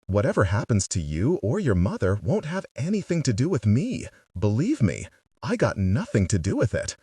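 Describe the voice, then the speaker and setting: Man doing a gruff resigned fisherman dad. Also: medium pitch, huge pitch swings, moderate pace, darkish tone, dry recording, far from the mic. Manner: curt, resigned.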